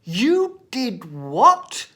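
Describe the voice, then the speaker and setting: A man's voice: extremely high pitch, sing-song, takes it slowly, fairly bright tone, pitched above the performer's own voice, exaggerated voice. A man doing an incredulous prim schoolteacher. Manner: rising, incredulous questions. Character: startled, prim female schoolteacher.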